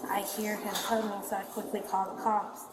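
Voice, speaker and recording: A shaken woman at an apartment front desk recounts a frightening incident to police, rambling and slipping into quoted voices. Her voice sounds echoey and roomy, as if caught on a bodycam in a lobby. A thick wash of chatter and crowd noise sits loudly behind her. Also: medium pitch, flat delivery, moderate pace.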